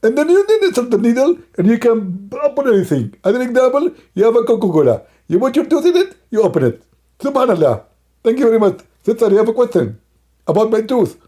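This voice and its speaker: A man's voice: extremely high pitch, big pitch swings, fast, mellow, pitched above the performer's own voice. A man voicing a pompous male preacher who answers callers' questions in a grandly solemn, mock-learned way.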